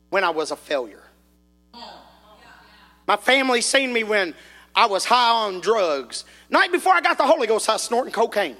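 High, bright-voiced shouting preacher man. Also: fairly quick. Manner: folksy, animated, rises to shouting. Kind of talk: sermon storytelling. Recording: echoey hall reverb.

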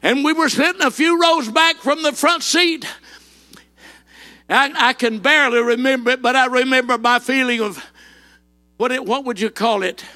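A man preaching a folksy sermon. His voice sits very high and sounds bright and cutting. He tells plain personal stories, then punches the big lines out in a shout. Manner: folksy storytelling, rising into shouted emphasis.

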